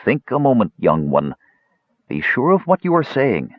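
A man voicing a male elf healer who speaks cautiously to calm a quarrel. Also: mid-range voice, normal speed, breathy edge, no room sound, highs cut off, pitched above the performer's own voice. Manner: soothing, cautious.

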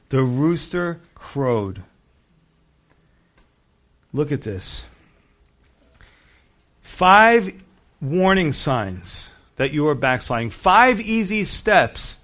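Animated New preacher man. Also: a little high. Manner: animated storytelling with acted-out voices and big swings in loudness. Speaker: pastor. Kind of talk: sermon.

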